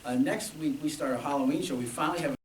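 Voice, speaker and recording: A man's voice: a little high, rapid-fire. Man addressing alumni in an echoey room. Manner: chatty, with quoted dialogue and laughs. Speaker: band director. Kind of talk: informal speech to alumni. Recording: echoey room from far off, with noise.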